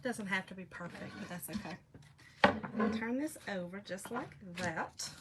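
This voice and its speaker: A woman's voice: medium pitch, unhurried, very noisy. A woman hosting a chatty crafting live stream, rambling and laughing as she talks to her viewers while she works. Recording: clicking noises in the background.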